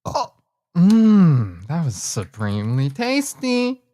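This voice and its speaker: Very deep-voiced woman streamer, lively. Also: normal speed, no echo, clean studio sound. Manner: blunt, profane, talks to herself. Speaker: livestreamer. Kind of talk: casual live-stream chat.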